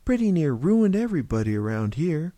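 A man's voice: fairly high pitch, sing-song, fairly quick, warm tone, no room sound, pitched above the performer's own voice. A man voicing a gossipy older small-town shopkeeper with a folksy drawl.

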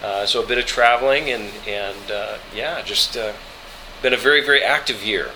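A man, a voice actor from Colorado, telling travel stories in a relaxed interview, halting with many fillers and restarts. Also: lowish voice, a little hiss or hum, low-quality recording. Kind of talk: relaxed interview chat, storytelling.

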